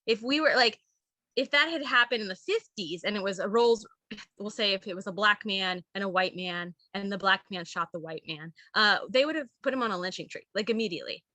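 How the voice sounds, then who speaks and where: A woman's voice: medium pitch, fairly quick, bright, forceful tone, no echo. A woman performing a stand-up comedy set, rambling candidly and laughing at her own jokes. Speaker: stand-up comic.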